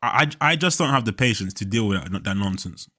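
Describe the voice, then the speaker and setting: Young male reaction host, brash swearing delivery, bright voice, lively pitch. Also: fairly quick. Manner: animated, profane, laughs often. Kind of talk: casual reaction commentary.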